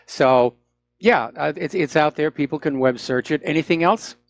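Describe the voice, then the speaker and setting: A man hosting a radio talk show, speaking in a direct, steady way with occasional halting fillers. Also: on the high side, creaky, no echo.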